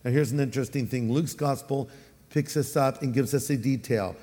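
A man with a Californian accent preaching a sermon as a pastor, animated and acting out the voices he quotes. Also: medium pitch, fairly quick, big-room sound.

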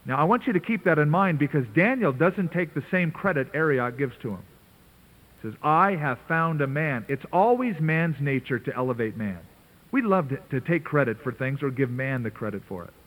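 A man's voice: medium pitch, expressive, a little fast. A man preaching a sermon in an earnest, conversational way with emphatic asides. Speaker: pastor. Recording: tinny narrow-band radio broadcast.

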